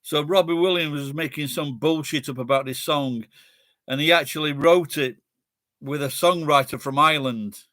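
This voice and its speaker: Middle-aged Sheffield man, blunt and foul-mouthed in loose chat, fairly high voice. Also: normal speed, sharp tone, no room sound, studio quality. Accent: Sheffield English. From Sheffield, England. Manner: sweary, rambling, blunt. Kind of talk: casual chat with friends.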